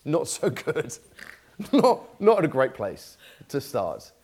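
Guy preaching in church, chatty and a bit jokey, average pitch, reads the bible story out. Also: huge pitch swings, slow, a little mellow, breathy edge. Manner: conversational, self-deprecating, laughs lightly. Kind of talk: sermon with Bible reading.

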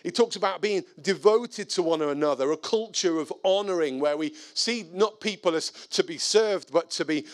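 High-voiced preacher telling stories. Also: male voice, moderate pace, few pauses. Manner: animated, conversational storytelling with scripture reading. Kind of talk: sermon with storytelling.

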